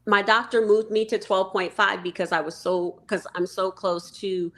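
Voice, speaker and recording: A woman's voice: mid-range voice, fairly even intonation, moderate pace, slight background noise. A woman co-hosting a live podcast, chatting casually and sharing her own experience. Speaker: podcast co-host.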